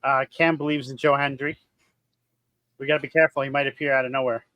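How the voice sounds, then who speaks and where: A man's voice: medium pitch, level tone, quick pace, no echo, dull audio. Man hosting, steering a podcast chat. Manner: steering questions, reading out viewer comments. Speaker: podcast host. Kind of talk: casual chat, moderating.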